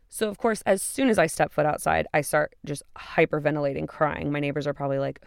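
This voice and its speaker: A woman's voice: sits low, fairly even intonation, brisk, creaky, few pauses, clean tone, no room sound, studio quality. A woman in her twenties hosting a podcast, telling a personal story in a candid, casual way and swearing freely. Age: 20s. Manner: candid and profane, retelling with acted-out quotes. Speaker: podcast host.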